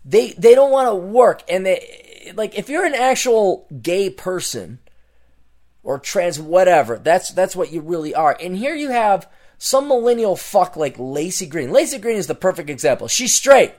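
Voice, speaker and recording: A man with a slightly high voice rants on his own podcast, rambling and circling back to repeat himself. He flares into loud, lively bursts, then drops to low, mumbled asides. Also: moderate pace. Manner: rambling, repetitive, loses his thread; heated, swings between loud outbursts and muttering asides. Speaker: podcast host. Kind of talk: ranting solo monologue.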